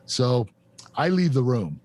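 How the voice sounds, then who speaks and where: A man in his fifties, a guest on a podcast, telling a painful personal story in a halting, emotional way with many fillers and restarts. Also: medium pitch, sing-song, a little mellow, a little hiss or hum. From United States. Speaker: guest, former pro wrestler.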